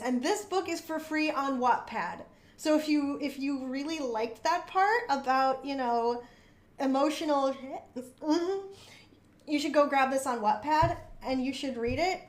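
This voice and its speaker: Woman, streamer, chatty, bubbly, self-deprecating, slightly high voice, echoey room recording. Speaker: streamer and author. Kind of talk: casual live-stream chat and reading aloud.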